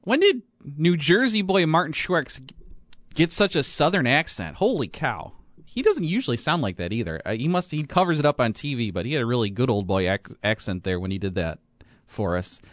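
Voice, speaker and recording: A man's voice: medium pitch, very animated, a little fast, no room sound, studio quality. A man hosting a sports radio show, chatting casually with many fillers and restarts.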